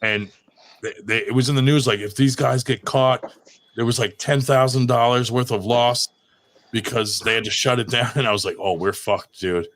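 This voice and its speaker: A man's voice: mid-range voice, fairly even intonation, moderate pace, a bit bright. A man telling prank stories in casual chat, swearing often and laughing as he goes. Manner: profane, laughing storyteller. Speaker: podcast co-host. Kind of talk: casual storytelling.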